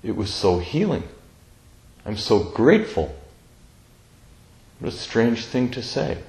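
A man telling a personal family story in a slow, tender, reflective way, pausing often. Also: lowish voice, very animated, a little mellow, roomy sound, low-quality recording. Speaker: speaker sharing a personal story.

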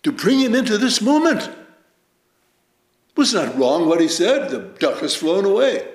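Reflective man giving a Zen dharma talk. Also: sits high. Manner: measured, reflective, lively storytelling. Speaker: Zen teacher. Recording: roomy echo.

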